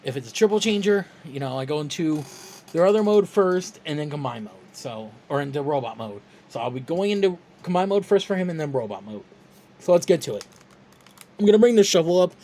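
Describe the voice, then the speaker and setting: A toy reviewer talking through a step-by-step tutorial in a relaxed, chatty, self-deprecating way. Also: mid-range voice, a little fast.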